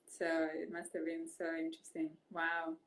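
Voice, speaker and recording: A woman's voice: low voice, monotone, normal speed, low-quality recording. A woman with an Italian accent chatting casually on a phone live stream, laughing often and switching languages. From Italy. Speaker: host.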